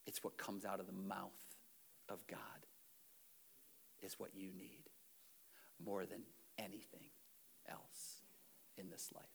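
Pastor puts on a calm Jesus, hushed and low, drawn out. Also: male voice, vocal fry, a little hiss or hum, full character voice. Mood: gentle pleading. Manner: soft, slow, sinking to a whisper. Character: gentle male Jesus, calm and patient.

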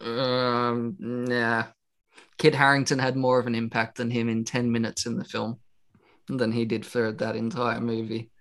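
A man with a mid-range voice chats casually. He tosses out quick, offhand opinions. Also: medium pitch, completely flat delivery, a bit bright. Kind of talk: casual chat.

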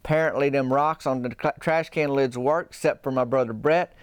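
A man's voice: mid-range voice, a little fast, clean tone, dry recording, studio quality. A man telling a comic story in a folksy, rambling, drawling way. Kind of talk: comedic storytelling.

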